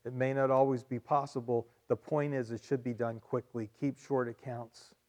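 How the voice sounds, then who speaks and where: A man's voice: medium pitch, flat delivery, normal speed, darkish tone. A man preaching a sermon as pastor, emphatic and conversational, often repeating key phrases and adding asides to his congregation.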